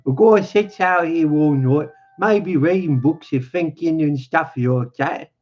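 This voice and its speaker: A man voicing a lonely, needling older male stable hand, drawn out and raised in pitch, on a dull lo-fi recording. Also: unhurried, a little mellow. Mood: wistful.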